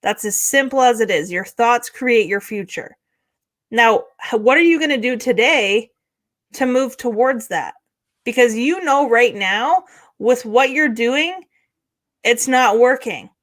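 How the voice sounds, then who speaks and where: A woman co-hosting a podcast, explaining ideas in a steady motivational manner and often asking "right?". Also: fairly high pitch, measured pace. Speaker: podcast co-host. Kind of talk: casual motivational chat.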